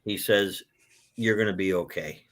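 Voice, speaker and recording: A man in his sixties, a book author, telling his life story in an interview, with an animated delivery that swells when he is moved. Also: low voice, measured pace. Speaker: author guest.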